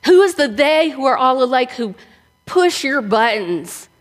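A woman's voice: high voice, sing-song, a little slow. A woman pastor from the northern United States, giving a conversational sermon full of rhetorical questions. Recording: long reverb of a large room.

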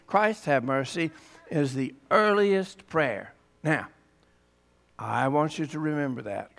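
A male pastor leading liturgy and talking with children, slow, deliberate and gentle. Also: mid-range voice, vocal fry. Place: church sanctuary.

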